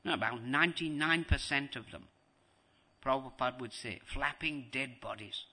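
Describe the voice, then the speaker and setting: A man's voice: mid-range voice, normal speed. A man giving a devotional lecture as a spiritual teacher, repeating phrases for emphasis and acting out scenes. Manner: animated, acts out scenes.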